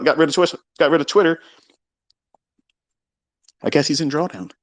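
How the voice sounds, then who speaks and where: A man ranting crudely and mockingly as a trading educator, swinging from low mutters to loud outbursts. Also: dry recording. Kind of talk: profane rant.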